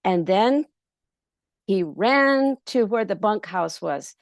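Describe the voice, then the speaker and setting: A woman storyteller recounts a folk tale to a workshop audience in a loose, conversational way. Her voice has a gravelly fry, and the recording is close and dry. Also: mid-range voice, slow pace, no room sound. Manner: relaxed, many ums and restarts. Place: festival workshop.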